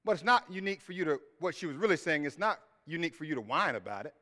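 A man preaching a sermon as pastor, swelling into shouted scripture lines and then dropping to quiet asides. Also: a little high, big pitch swings, fast. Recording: long hall reverb.

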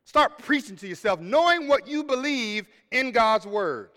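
A man preaching a sermon as pastor, swelling into shouted scripture lines and then dropping to quiet asides. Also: very high voice, lively intonation, unhurried. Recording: long hall reverb.

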